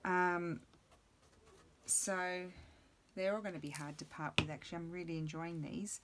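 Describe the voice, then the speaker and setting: A woman's voice: on the low side, steady tone, measured pace, long pauses, fairly bright tone, a little hiss or hum. A middle-aged woman chatting casually and rambling to herself while she crafts at her table. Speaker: crafting video host.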